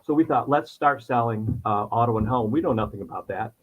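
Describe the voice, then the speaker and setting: Talking on and on as a podcast guest, a middle-aged insurance agent from New York keeps restarting and returning to earlier thoughts in casual conversation. His pitch is typical for a man, and he talks a little fast. The audio has a muffled, dull lo-fi quality.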